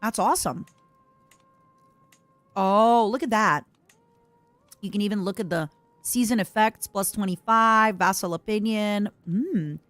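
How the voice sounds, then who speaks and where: A woman's voice: medium pitch, a little slow, pauses often, no echo, soft background music. A young woman streamer giving casual commentary over a strategy game, reading its text aloud while eating. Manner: eats and talks with mouth full, reads game text aloud; lively, playful asides.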